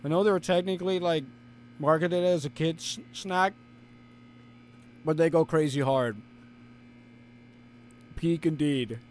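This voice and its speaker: A man's voice: fairly high pitch, slow pace, long pauses, a little mellow, slight background noise. A male streamer chatting casually and playfully with his audience, teasing and theatrically indignant. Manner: playful, theatrical, bickering with chat. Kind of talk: casual live-stream chat.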